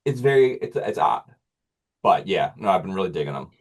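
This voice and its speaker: A man co-hosting a casual podcast, teasing the others and pausing often with ums. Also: sits low, very animated. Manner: teasing, hesitant with many ums. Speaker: podcast co-host. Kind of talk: casual chat.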